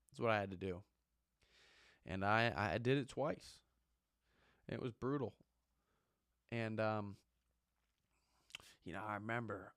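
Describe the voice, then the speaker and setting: A man's voice: lowish voice, fairly bright tone, no echo, studio quality. A man and former Marine giving an impassioned, ranting monologue, repeating his points with emphasis. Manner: fired-up, ranting, emphatic repetition.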